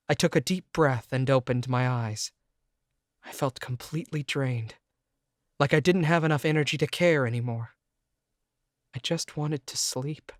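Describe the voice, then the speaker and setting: Reading a scripted first-person audiobook, a man with a mid-range voice sounds intense and emotional. He sits close to the mic, and there's no room sound.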